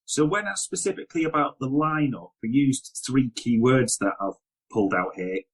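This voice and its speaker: A man's voice: mid-range voice, normal speed, low-quality recording. A man hosting a podcast discussion, steadily leading the talk and putting questions to his guest. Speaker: podcast host.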